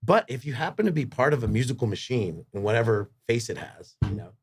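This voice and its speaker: A man's voice: mid-range voice, very animated, fast talker, husky. A man as a podcast guest, telling rambling, enthusiastic stories in casual chat, swearing freely. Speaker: podcast guest, rock singer.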